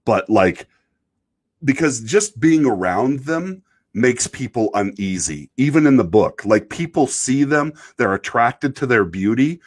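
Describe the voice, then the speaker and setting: A man's voice: mid-range voice, lively intonation, unhurried, breathy edge. A man from Idaho talking in a casual, rambling way, often stopping and restarting and joking as he hosts a chat. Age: adult, married. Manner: rambling, self-interrupting, joking. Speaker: show host reading chat.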